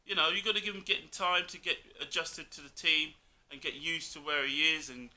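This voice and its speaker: A Liverpool fan co-hosting a casual chat argues bluntly about football, calling the other speaker "mate" constantly. His voice is on the high side, pushed and bright, with a steady tone and a fairly quick pace.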